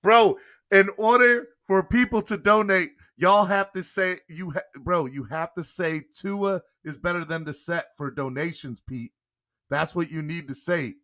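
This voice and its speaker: Young male podcast host, playful and coaxing, crisp bright tone, slightly high voice. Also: unhurried. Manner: playful, coaxing, laughing often. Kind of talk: casual live-stream chat.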